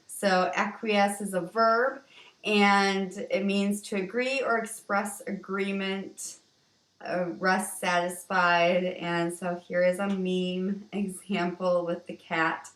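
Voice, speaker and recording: A woman teacher walking students through vocabulary words in a slow, explanatory way, with ums and restarts. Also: medium pitch, steady tone, a bit bright. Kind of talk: vocabulary lesson walkthrough. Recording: roomy, distant from the mic.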